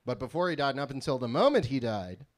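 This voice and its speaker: Deadpan stand-up comedian, rambling. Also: male voice, medium pitch, quick pace. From California. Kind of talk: live stand-up set. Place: small live venue with audience.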